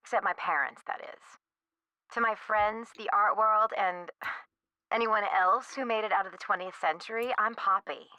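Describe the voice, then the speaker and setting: A woman's voice: mid-range voice, moderate pace, bright, forceful tone, no echo, close to an everyday voice, rough recording. A woman playing a sassy young artist. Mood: flippant. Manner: sarcastic, valley-girl slang. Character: flippant young woman artist, thrill-seeking. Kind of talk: video game voice acting.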